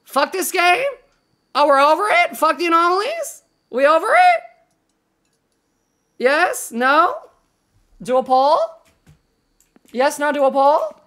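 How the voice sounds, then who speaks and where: A woman game streamer chatting casually while she plays, expressive, swearing freely and cooing affectionately to her viewers. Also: sits high, slow pace, pauses often. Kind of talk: casual live-stream chat while gaming.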